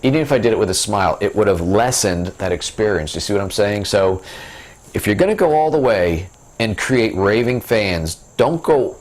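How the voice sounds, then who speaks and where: A man's voice: on the low side, animated, normal speed. A middle-aged man casually telling a rambling story to camera, with many fillers and restarts, as host of a business video series.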